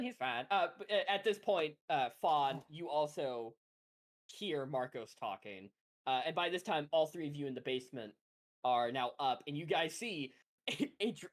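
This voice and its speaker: A man narrating a tabletop role-playing game as game master, lively and full of restarts. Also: on the high side.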